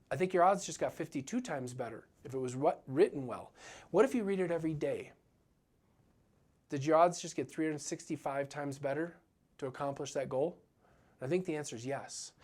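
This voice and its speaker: A man's voice: a little high, darkish tone. A man giving a motivational business talk as a practice coach, earnest and direct, often acting out what his clients say.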